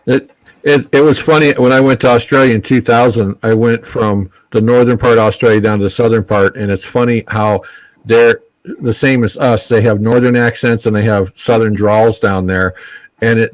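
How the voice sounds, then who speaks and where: A man's voice: mid-range voice, steady tone, normal speed, no room sound, poor audio. A man telling stories in casual livestream chat, laughing at his own stories.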